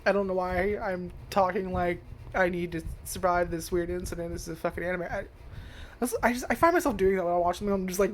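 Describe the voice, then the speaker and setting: A woman's voice: fairly low pitch, a little fast. A woman reviewing an anime casually, rambling, swearing a lot and laughing often. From United States.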